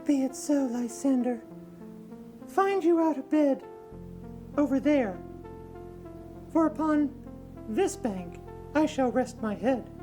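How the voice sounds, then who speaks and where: A woman's voice: high voice, expressive, takes it slowly, pauses often, warm tone, soft background music. A woman playing a modest young woman in love, prim and firm, in an amateur Shakespeare reading. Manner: prim, then frantic.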